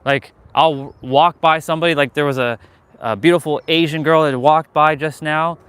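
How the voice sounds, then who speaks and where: A man live-streams while walking outside, holding a gimbal camera, and talks in a casual, candid, motivational way with plenty of swearing. His slightly high, a-bit-bright voice stays steady at normal speed, smooth and without echo.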